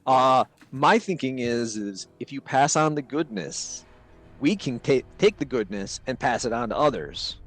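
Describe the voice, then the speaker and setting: Male player, hesitant and filler-heavy, speaking at a mid pitch. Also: animated, unhurried, soft background music. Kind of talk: casual in-character game talk.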